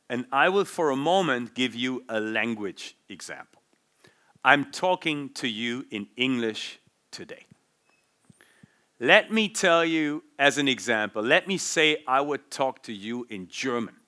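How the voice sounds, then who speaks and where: A man giving a conference talk at a business forum. He explains things in an animated way and uses vivid examples. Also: mid-range voice. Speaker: forum speaker.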